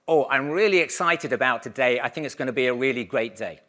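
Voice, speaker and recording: A man giving a conference keynote, talking in a lively, conversational way and raising his voice to give the audience instructions. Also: medium pitch, quick pace, hardly any pauses. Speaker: keynote speaker.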